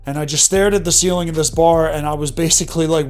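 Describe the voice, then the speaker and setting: A man's voice: fairly high pitch, steady tone, quick pace, faint music behind. A man in his thirties candidly telling an emotional personal story in a vlog monologue. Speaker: vlogger.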